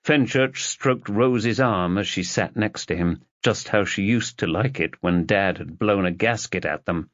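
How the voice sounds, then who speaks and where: A man narrating a mystery novel as an audiobook in an expressive reading. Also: sits low, moderate pace, hardly any pauses, no echo. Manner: expressive reading, voices the characters. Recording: dull, dry lo-fi recording.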